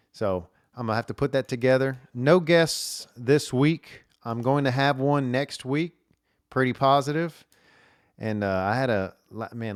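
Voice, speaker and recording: Guy rambling through stories on his podcast, full of ums and restarts, smooth voice, mid pitch. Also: dry recording, clean studio sound. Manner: rambling storytelling with many fillers and restarts. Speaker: podcast host. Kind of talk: casual solo podcast monologue. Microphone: camera recording at a desk.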